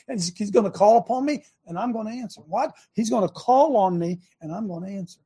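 A middle-aged man delivers a conversational sermon, moving between stories and direct questions to his listeners. His voice sits high and has a husky edge. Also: fast, hardly any pauses. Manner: animated, storytelling, asks listeners questions. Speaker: show host preaching. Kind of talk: conversational preaching.

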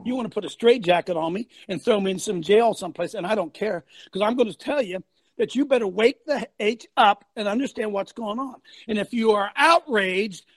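A man hosting a talk show, ranting loudly with preacher-like fire, shouting and laughing as he goes. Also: sits high, fairly quick, dry recording. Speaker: host.

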